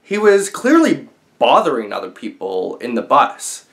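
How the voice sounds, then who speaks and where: A man's voice: mid-range voice, wildly swooping pitch, measured pace, gravelly. Man telling a story casually. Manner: conversational, with fillers and restarts. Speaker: vlogger.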